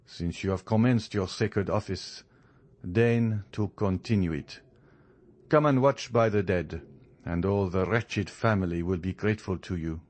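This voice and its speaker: A man's voice: low-pitched, unhurried, darkish tone, no echo. A man reading an audiobook who voices a courteous family doctor, speaking earnestly and formally.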